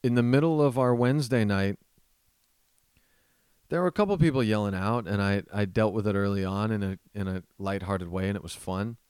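A man in his thirties with a lowish voice tells a story on his own podcast. He talks in a loose, swearing, rambling way, often restarting his sentences. The recording is dry and close, with no room sound. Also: fairly quick, a little mellow, clean tone, no room sound. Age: 30s. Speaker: podcast host.

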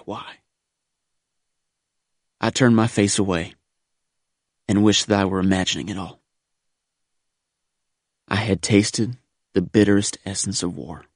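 Sober deep-voiced male memoir narrator. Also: no room sound, clean studio sound. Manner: measured, sober, reflective. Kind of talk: scripted first-person memoir narration.

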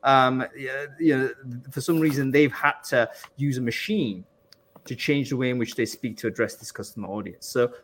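A man hosting a live podcast, chatty and animated, asking guests about their experiences. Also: mid-range voice, normal speed, slight background noise. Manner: chatty, lots of fillers and restarts, animated. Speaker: podcast host.

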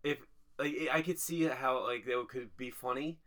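A man's voice: mid-range voice, moderate pace, crowd noise. A man co-hosting a podcast, chatting casually about a film, rambling with restarts and acting out characters. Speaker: podcast co-host. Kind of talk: casual movie discussion.

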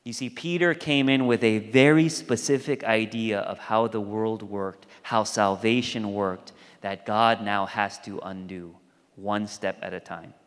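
A man's voice: lowish voice, fairly even intonation, unhurried. A male pastor delivering a sermon in a conversational, storytelling way. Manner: conversational storytelling, acts out quoted voices. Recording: long hall reverb.

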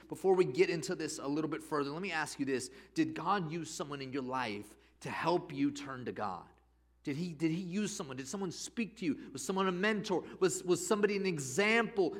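A middle-aged man, a pastor, preaching a sermon at a church service and telling stories with lively, rising emphasis. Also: on the high side. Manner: animated storytelling with rising emphasis.

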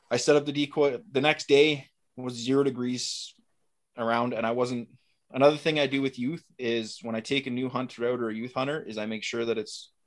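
Middle-aged man telling a lively hunting story. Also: medium pitch. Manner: animated, acts out dialogue in quotes. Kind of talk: casual storytelling.

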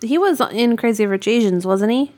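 A woman co-hosting a podcast, chatting casually with relaxed, dry remarks and short replies. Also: a little high, normal speed. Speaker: podcast co-host. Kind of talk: casual chat.

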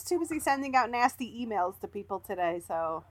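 A woman's voice: on the high side, sing-song, fairly quick. A woman co-hosting a podcast in playful casual chat, often exclaiming and laughing. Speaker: podcast co-host.

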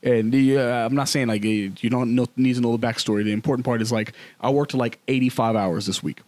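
30s guy cohosting a podcast, slangy and candid, mid pitch, dead dry room. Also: steady tone, fast talker, a little mellow, no echo. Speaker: podcast co-host. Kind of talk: casual chat.

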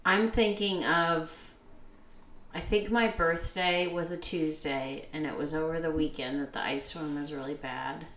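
A woman's voice: sits low, steady tone, unhurried, a bit bright, roomy sound. A young woman co-hosting a casual podcast with her husband, wry and teasing in manner. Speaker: co-host, host's wife. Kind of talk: casual chat.

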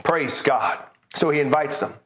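A pastor giving an online sermon, telling a personal story in a conversational way and building to exuberant praise. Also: male voice, fairly high pitch, animated, unhurried, a bit bright. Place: church service streamed online.

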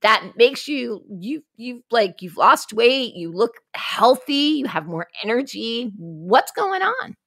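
Animated high-voiced woman telling stories. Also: slow, hardly any pauses, no room sound. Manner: animated storytelling, frequent laughter, acts out quoted dialogue. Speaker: co-host. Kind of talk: casual livestream chat.

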